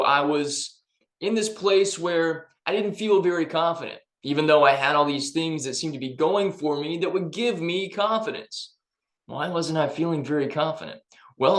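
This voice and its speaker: A man's voice: fairly high pitch, a bit bright. Upbeat motivational man, echoey room. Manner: upbeat, emphatic, conversational. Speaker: personal development vlogger. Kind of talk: motivational talk to camera.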